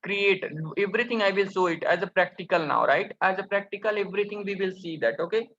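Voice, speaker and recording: A man teaches programming over a screen recording, asking "what?" again and again. His voice sits high and sounds bright and sharp. The recording is dull and lo-fi. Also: fast talker. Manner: keeps asking rhetorical questions, addresses viewers as guys. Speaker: programming instructor. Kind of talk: screen-recorded coding tutorial.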